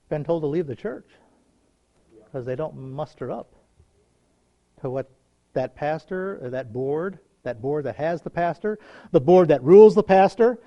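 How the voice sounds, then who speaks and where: A man's voice: high-pitched, warm tone. A man, a pastor, telling stories in a folksy, chatty, informal sermon with frequent chuckles, on a dull lo-fi recording.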